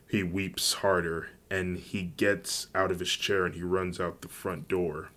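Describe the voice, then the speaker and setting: Deep-voiced man reading fan fiction. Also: steady tone, a little slow, few pauses, pushed and bright. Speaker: narrator.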